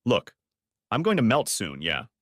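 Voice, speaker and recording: A man's voice: on the low side, wildly swooping pitch, a little slow, dry recording, clean studio sound, heavily acted. A man voicing a heavy, jolly man who whines about food. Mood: whiny jolly. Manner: whiny.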